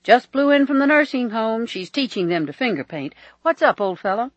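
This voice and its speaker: A narrator voicing an excitable older male cousin who talks loudly and effusively, in a dry, slightly dull recording. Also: very high voice, normal speed, no echo, voice pushed up, heavily acted. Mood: cheery. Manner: boisterous, bellowing, effusive.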